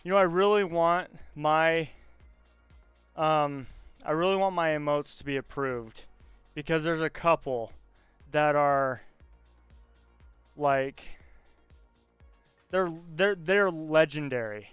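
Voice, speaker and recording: Smooth-voiced man chatting on a live stream. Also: on the high side, takes it slowly, pauses often, no room sound. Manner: chatty, joking with viewers. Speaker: livestreamer talking to chat. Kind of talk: casual live-stream chat. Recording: slightly dull stream audio, faint music.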